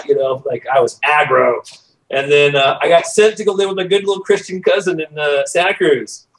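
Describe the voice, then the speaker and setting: A middle-aged man, a podcast guest, telling a personal story in a casual, animated way, acting out the voices he quotes. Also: mid-range voice, moderate pace, far from the mic, poor audio.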